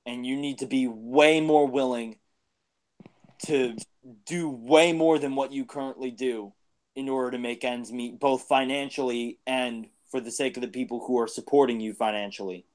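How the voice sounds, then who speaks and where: A man's voice: mid-range voice, fairly even intonation, normal speed, a little mellow. A man in a casual podcast chat, earnestly lecturing a friend with advice. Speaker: podcast co-host.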